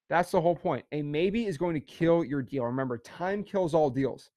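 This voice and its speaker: An emphatic man running an online real estate lesson, repeating himself and checking in with his listeners. His voice sits a bit high. The sound is dry and close to the mic. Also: moderate pace, few pauses, darkish tone, dry recording. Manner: emphatic, repetitive, keeps saying "okay" and "again". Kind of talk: online teaching session.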